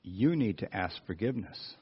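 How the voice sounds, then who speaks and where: A man voicing the Holy Spirit as a quiet, firm inner voice. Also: low-pitched, expressive, moderate pace, breathy edge, highs cut off, pitched below the performer's own voice, exaggerated voice.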